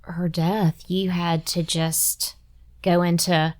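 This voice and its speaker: A woman podcast host, interviewing gently and affirming her guest. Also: fairly low pitch, little pitch movement, takes it slowly. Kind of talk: conversational interview.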